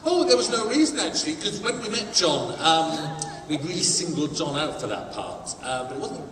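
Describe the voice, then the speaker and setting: An animated man answers fan questions from a panel and laughs often, rising into loud bursts. He is picked up from a distance in a big reverberant hall. Steady background noise sits under his voice. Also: fairly high pitch, moderate pace. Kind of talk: casual convention panel answers. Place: large convention hall with an audience. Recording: echoey hall, distant mic, crowd noise.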